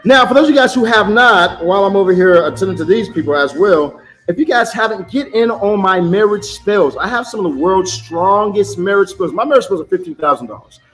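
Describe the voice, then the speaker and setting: Man, high-pitched, live-stream tarot reader, casual salesy chatter, soft music in background. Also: animated, a little fast, rough recording. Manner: chatty, salesy, loose with fillers. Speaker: tarot reader and spell seller.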